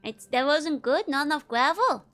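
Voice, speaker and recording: A woman's voice: sits high, animated, normal speed, a bit bright, soft background music. Giggly chatty woman streamer. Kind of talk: casual gameplay commentary.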